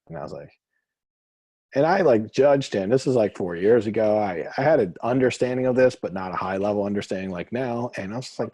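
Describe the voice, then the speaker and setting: A man coaching a group call, chatty and quick, acting out short quotes as he explains. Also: fairly low pitch, animated, mellow, no room sound. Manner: fast, chatty, acts out quotes.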